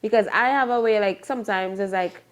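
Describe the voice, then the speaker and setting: A woman, talking casually with her husband about an argument, lively and often laughing. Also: medium pitch, a little fast. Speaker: co-host, wife. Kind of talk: casual conversation.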